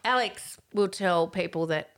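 A middle-aged woman, telling a story in casual chat, animated and laughing as she acts out quotes. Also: lowish voice, a little slow.

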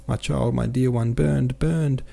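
A man reading the part of a distraught middle-aged mother who pleads and scolds in a higher, louder voice. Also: level tone, moderate pace, close to an everyday voice. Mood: sobbing. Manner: pleading, frantic, then scolding.

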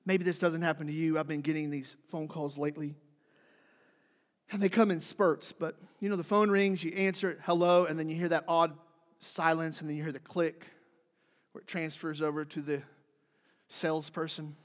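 A high-pitched male pastor preaches a sermon, telling a story with dramatic swings from forceful emphasis to near-hushed intimacy. The sound carries the long reverb of a church hall. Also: level tone, moderate pace.

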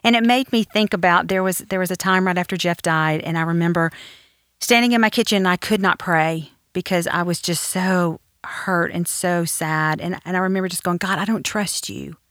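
A woman's voice: on the low side, moderate pace, a bit bright, clear, resonant tone, no echo, clean studio sound. A woman guest on a Bible study podcast, talking in a heartfelt, personal way and reading a psalm aloud. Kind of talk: reflective Bible study chat.

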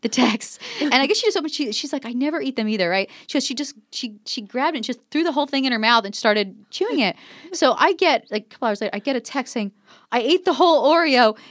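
A woman in her forties telling stories in a casual chat as a podcast guest, animated and acting out quotes with frequent laughter. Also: sits high, quick pace, no echo, clean studio sound. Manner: animated storyteller, acts out quotes, laughs often.

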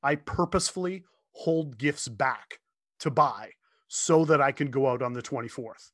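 A man in his fifties, a guest telling a heartfelt story in casual conversation from his home office, earnest and animated, often restarting his sentences. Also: mid-range voice, unhurried, no echo, studio quality.

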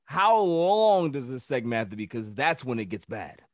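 A man hosting a casual sports podcast, animated and playfully protesting with easy laughter. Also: medium pitch, normal speed, no room sound, studio quality. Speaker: podcast host.

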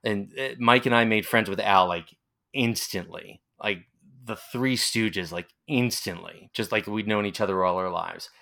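A man's voice: lowish voice, measured pace, vocal fry, pushed and bright. A man in his forties with a Long Island accent, rambling as he tells nostalgic stories in a casual interview. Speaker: interviewee, former college radio announcer.

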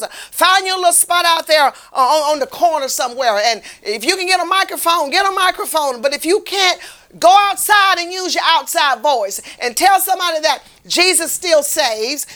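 A woman's voice: sits high, pushed and bright. A woman delivering a fervent, repetitive street-preaching sermon as a lay minister.

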